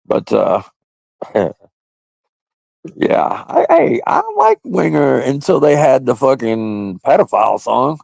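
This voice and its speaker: A man with a heavily gravelly, fry-laden voice talks to his livestream viewers in a loose, crude, rambling way. His pitch swings around a lot as he goes, and the sound is dry and close, with no room around it. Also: wildly swooping pitch, takes it slowly, pauses often, darkish tone, no room sound. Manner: crude, loose and rambling, often breaking into laughs. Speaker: livestream host. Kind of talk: casual live-stream chat with viewers.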